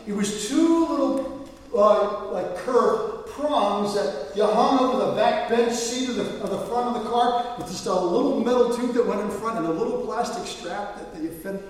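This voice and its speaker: A man preaches a sermon to his congregation, his fairly high voice swinging between soft asides and forceful, emphatic lines. He sounds distant from the microphone, and a long reverb hangs on every word in the big hall. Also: normal speed. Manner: earnest preaching, shifting from quiet asides to emphatic quotes. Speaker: pastor. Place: church sanctuary. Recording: echoey hall, voice from far off.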